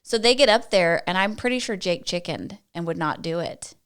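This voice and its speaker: A woman's voice: on the low side, lively intonation, moderate pace, smooth. A middle-aged woman co-hosting a casual podcast, telling stories in a playful way and laughing often. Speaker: podcast co-host. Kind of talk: casual chat.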